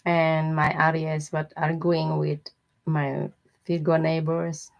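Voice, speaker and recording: A woman's voice: low-pitched, level tone, slow, gravelly, dull audio. A woman hosting a tarot live stream. She chats casually with viewers, telling everyday stories in broken English and answering people by name. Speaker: tarot reader host.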